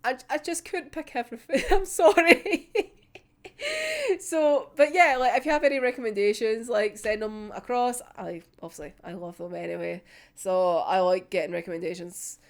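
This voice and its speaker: A woman's voice: mid-range voice, fairly even intonation, normal speed. A young woman chatting casually to her viewers in a vlog, laughing often and swearing now and then. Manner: uses local words like wee and yous. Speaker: YouTube creator.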